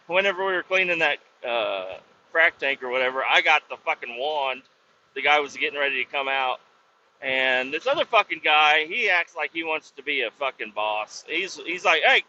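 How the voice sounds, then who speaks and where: A man's voice: mid-range voice, bright, forceful tone, muffled recording, a little hiss or hum. A man hosting a podcast, telling a work story in a rambling, foul-mouthed way and often doubting himself as he goes. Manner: rambling, heavy swearing, self-doubting asides. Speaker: podcast host; industrial cleaning worker. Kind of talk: casual profane storytelling.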